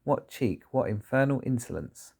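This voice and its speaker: A man's voice: mid-range voice, animated, normal speed, gravelly, breathy edge, voice pushed up. A man voicing a tyrannical, bullying headmistress who barks and snaps at children, read from a storybook. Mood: domineering. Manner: shouting, barking, snapping.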